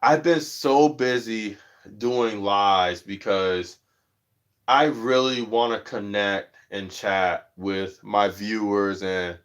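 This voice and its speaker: A man hosting his own livestream in loose, slangy casual chat, animated when he tells a story and a bit stuffy from allergies. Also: takes it slowly, clean tone. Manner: animated storytelling, jumps high when quoting others; slangy, says "you know what I'm saying" often. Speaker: livestream host.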